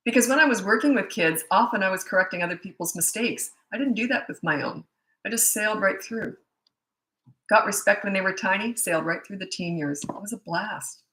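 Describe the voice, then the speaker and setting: A talkative Canadian woman in her sixties, a parenting coach, hosts a casual live Q&A, reading viewers' questions aloud and laughing easily. Her mid-range voice is bright and forceful and echoes around the room.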